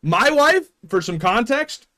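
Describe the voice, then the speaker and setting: A man's voice: very high voice, sing-song, takes it slowly, sharp tone. A man streaming live, talking casually in an opinionated, rambling way and laughing often.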